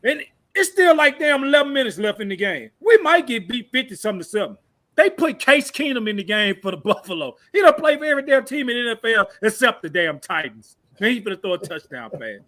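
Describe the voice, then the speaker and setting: A man's voice: very high-pitched, very animated, quick pace, sharp tone. A man from Tennessee, co-hosting a sports podcast, ranting and cursing in heated casual talk. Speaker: podcast co-host.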